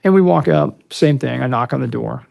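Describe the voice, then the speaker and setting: Gravelly man telling a war story. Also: medium pitch, moderate pace. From United States. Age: 50s. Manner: animated, profane storyteller who acts out dialogue loudly. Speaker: podcast guest, military veteran. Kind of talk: casual storytelling in a long-form interview.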